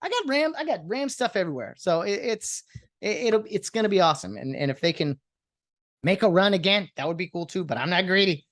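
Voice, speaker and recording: A man hosting a casual solo podcast, rambling and getting excitable as a sports fan. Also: sits high, a little fast, no room sound, studio quality. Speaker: podcast host.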